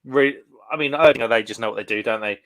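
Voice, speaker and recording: Bright-voiced British man chatting about beer. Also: mid-range voice, fast. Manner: chatty and enthusiastic, lots of "um" and restarts. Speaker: co-host of a beer live stream. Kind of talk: casual chat, reading viewer comments.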